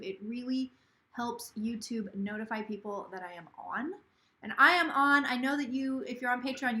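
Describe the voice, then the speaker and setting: A woman's voice: a little high, fairly bright tone, roomy sound. A woman hosting a casual live stream from home, chatty and gushing, relaying a spirit's words in quotes. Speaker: psychic livestream host. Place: home, near a kitchen.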